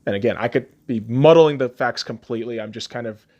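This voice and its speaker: A podcast host on an angry, profane rant, swinging between shouting and low muttering. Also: male voice, a little fast, dull audio.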